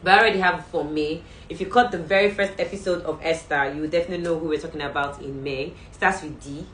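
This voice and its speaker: A woman's voice: low voice, fairly even intonation, fast talker, a bit bright, recorded from a distance. A Nigerian woman hosting a faith show, giving earnest, chatty exhortations as she signs off a livestream. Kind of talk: livestream sign-off talk. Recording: roomy, off-mic, faint background hum.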